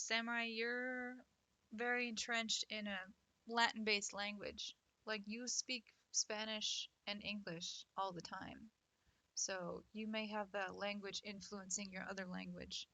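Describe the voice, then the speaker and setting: A woman's voice: medium pitch, sharp tone, no echo. A woman chatting casually with her stream chat while drawing. She laughs often and talks with lots of fillers. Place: home setup at a computer.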